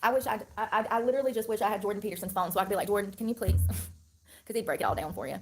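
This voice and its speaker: A woman's voice: medium pitch, big pitch swings, rapid-fire, soft background music. A woman in her thirties ranting to camera in a heated, profane, repetitive way. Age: 30s. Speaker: online personality.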